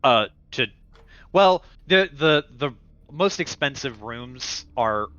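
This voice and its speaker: Rambling male game master, bright voice. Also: mid-range voice, expressive, takes it slowly, no echo. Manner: casual, rambling, loose. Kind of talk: narrating a tabletop role-playing game. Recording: dull lo-fi stream mic.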